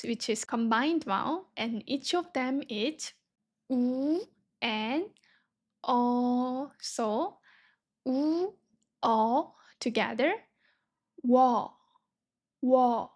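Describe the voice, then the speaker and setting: Slow, high-voiced woman teaching beginners. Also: animated. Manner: patient, sounds words out syllable by syllable. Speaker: Korean language teacher. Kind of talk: slow beginner reading lesson.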